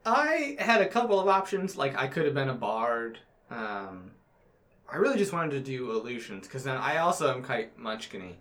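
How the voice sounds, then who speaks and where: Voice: medium pitch, sing-song, moderate pace, fairly bright tone. A tabletop player explaining their character choices in casual chat. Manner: explains rules thoughtfully.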